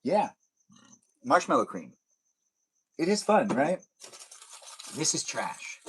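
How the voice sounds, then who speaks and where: A man's voice: fairly high pitch, sing-song, slow, a little hiss or hum. Young male streamer, playful, teasing, rambling chat to viewers. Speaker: live streamer. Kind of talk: casual live stream chat reading comments.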